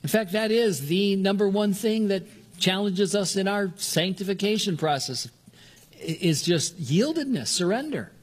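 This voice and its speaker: An older man preaching from the pulpit, his voice sitting a little high for a man. He talks earnestly and often stumbles into restarts. He pushes his pitch up further whenever he stresses a point. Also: animated, measured pace, breathy edge. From Southern California. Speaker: pastor. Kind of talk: sermon.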